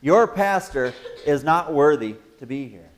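A man preaching a sermon in church as pastor, joking with the congregation and breaking into sudden loud exclamations. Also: on the high side, a little slow. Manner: animated, jokey preaching with sudden loud bursts.

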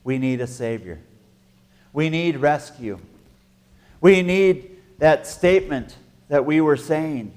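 Male pastor, sermon delivery, slow and emphatic, slightly high voice. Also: expressive. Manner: emphatic preaching with halting restarts, swinging from soft to loud.

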